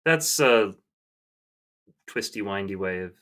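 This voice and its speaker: A man's voice: lowish voice, lively intonation, slow pace, a bit bright. A man in his thirties co-hosting a podcast, talking in a rambling, hesitant way with many fillers. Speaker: podcast co-host. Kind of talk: casual chat.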